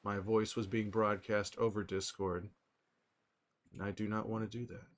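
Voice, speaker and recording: Rambling, excitable man chatting to viewers. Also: fairly low pitch, normal speed. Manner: rambling, excited, laughs often, many restarts. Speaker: livestreamer. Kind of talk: casual livestream chat with viewers. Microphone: desktop microphone.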